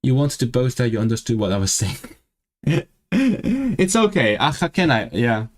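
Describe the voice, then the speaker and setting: A man's voice: mid-range voice, fast. A young man chatting casually on a livestream, talking things over as he goes, often restarting words and reading lesson text aloud. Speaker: streamer studying a language.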